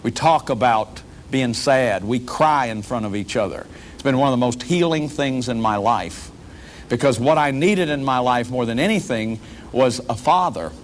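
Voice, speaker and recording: A man's voice: mid-range voice, normal speed, slight background noise. A man giving a public lecture on shame and recovery, earnest and conversational, often repeating himself and saying "you see" to the audience.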